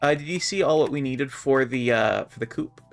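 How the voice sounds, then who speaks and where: A man hanging out on a friend's game stream, chatting casually as they farm together. His mid-pitched voice rises and falls animatedly as he jokes around and laughs. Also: expressive, normal speed, soft background music. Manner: joking, laughs a lot, slips into goofy bits. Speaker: guest co-player on a stream. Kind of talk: casual gaming chat.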